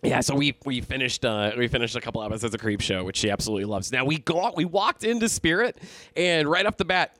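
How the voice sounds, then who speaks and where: A man's voice: medium pitch, fast, no echo. A man in his thirties, a bit tipsy, telling rambling, profane stories in a casual chat. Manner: rambling, profane, animated storytelling. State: tipsy from drinking.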